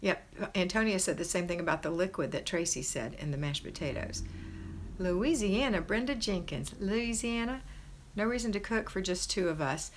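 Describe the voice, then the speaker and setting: In a mid-range, expressive voice at a moderate pace, a middle-aged woman hosts a homemaking live stream from her parents' house. Indoors, she reads viewer comments aloud and cheers everyone on, warm and encouraging.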